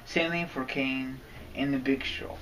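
A man's voice: mid-range voice, steady tone, measured pace, fairly bright tone. A man giving a rambling, casual rant as a wrestling fan vlogger, cursing and getting irritated as he goes. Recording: distant mic, faint background noise.

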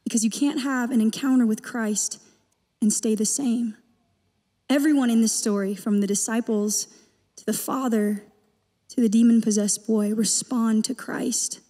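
A woman preaching a sermon in a measured, reflective manner. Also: fairly high pitch, fairly even intonation, dark tone. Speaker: pastor. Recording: long church reverb.

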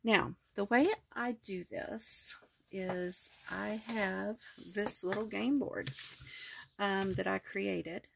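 A woman host walking through her collage journal in a casual, rambling way, hoarse with her voice cracking, full of ums and self-corrections. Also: mid-range voice, steady tone, takes it slowly, fairly bright tone, a little hiss or hum. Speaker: crafting video host. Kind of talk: casual crafting walkthrough.

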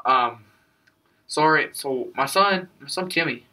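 A young man plays a bumbling local being stopped on the street for a mock news interview. He rambles and trips over his words, and his voice is bright and a little high. It sounds as if he is standing some distance from the mic. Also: slow, full character voice. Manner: rambling, stumbling over words, breaking into laughs. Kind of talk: improvised comedy sketch.

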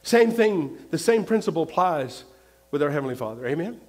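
High-voiced preacher man. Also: big pitch swings, a little fast. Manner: emphatic preaching with repetition, swinging between loud and hushed. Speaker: pastor. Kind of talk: sermon.

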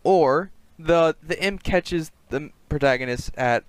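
A man's voice: fairly high pitch, takes it slowly, smooth, dry recording. A man co-hosting a podcast who talks in a thoughtful, laid-back way during a casual brainstorm. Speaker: podcast co-host.

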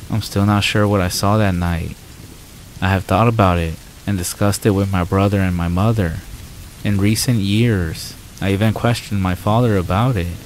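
A man narrating horror stories in a calm, measured way with dramatic pauses. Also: deep voice, slight background noise, low-quality recording.

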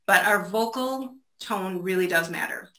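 A woman presenter with a medium-pitched, slightly bright voice speaks a little slowly while giving a virtual training talk, drawing in her audience with questions over a video call. The recording has a roomy echo and faint noise.

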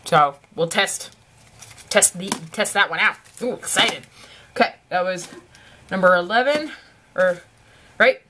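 A woman's voice: lowish voice, animated, measured pace, long pauses, bright, forceful tone, slight background noise. A young woman with a Southern US accent, gushing and giggling as she opens gifts in a casual home vlog. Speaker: vlogger. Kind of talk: casual gift-opening vlog. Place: at home by her desk.

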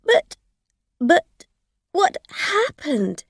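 A woman's voice: extremely high pitch, wildly swooping pitch, extremely slow, dry recording, studio quality, pitched above the performer's own voice, heavily acted. A woman reading a storybook, voicing a tipsy, flustered woman driver who stammers and pleads.

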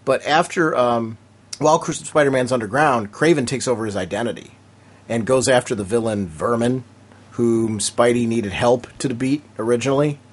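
A man's voice: mid-range voice, normal speed. A man co-hosting a comics fan podcast, recounting story details in casual chat. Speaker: podcast co-host.

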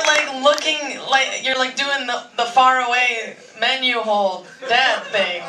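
An actress on a convention panel telling rambling, giggly anecdotes with many "like"s. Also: female voice, high voice, a little slow, crowd noise. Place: large convention hall. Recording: echoey hall, far from mic, faint noise.

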